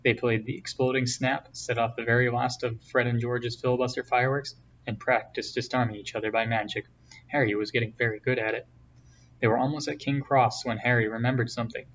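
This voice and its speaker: A man reading a novel aloud in a steady, plain storytelling voice. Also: mid-range voice, brisk. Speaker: reader. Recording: distant, dull, faint hiss.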